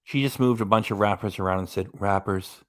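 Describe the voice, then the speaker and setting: A man's voice: fairly low pitch, brisk. A man hosting a live reaction stream, giving casual running commentary with dry asides and reading out quotes. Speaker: reaction channel host.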